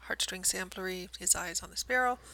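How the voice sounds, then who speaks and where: A woman chatting casually as she shows her cross stitch progress. She is self-deprecating and often drops into soft near-whispers. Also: on the low side, a little fast, background noise. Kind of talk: casual show-and-tell narration.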